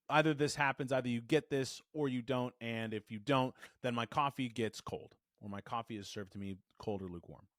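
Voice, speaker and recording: A man teaching a voice lesson to camera, animated and demonstrative, shifting his resonance to show the difference. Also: mid-range voice, dry recording, clean studio sound. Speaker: voice coach. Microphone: studio microphone.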